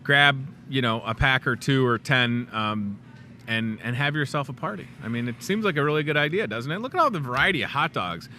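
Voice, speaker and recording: A man's voice: mid-range voice, lively intonation, a little fast, sharp tone, a little hiss or hum. A middle-aged man with a Midwestern accent hosting a casual, jokey talk show from a grocery store aisle, upbeat and chatty. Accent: Midwestern American. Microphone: clip-on lapel mic.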